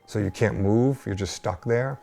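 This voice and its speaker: A man's voice: lowish voice, normal speed, creaky, mellow. A man giving a personal faith testimony in an interview, telling his story earnestly and acting out the voices of people he quotes. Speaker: interview guest.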